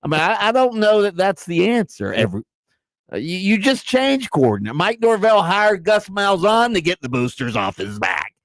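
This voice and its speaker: A man's voice: sits high, very animated, normal speed, no echo. A man co-hosting a sports talk radio show, pushing back with skeptical, insistent questions.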